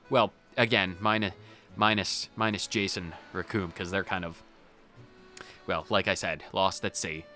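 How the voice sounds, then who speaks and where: A man's voice: mid-range voice, normal speed, pushed and bright, soft background music. A man hosting a video game playthrough with casual, jokey, rambling commentary. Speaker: gaming channel host.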